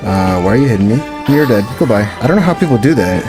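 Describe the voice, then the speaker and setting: A man giving let's-play commentary, excitable and thinking aloud as he plays. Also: medium pitch, quick pace. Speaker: gaming YouTuber. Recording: game music behind voice. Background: game music.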